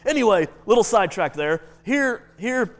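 A man's voice: high-pitched, very animated, moderate pace. A man preaching a sermon in a conversational way, often restarting his words.

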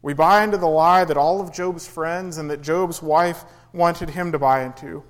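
A man's voice: a little high, normal speed, few pauses, rough recording. A man preaching a sermon in an earnest way, rising and falling for emphasis and acting out quoted pleas. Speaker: pastor.

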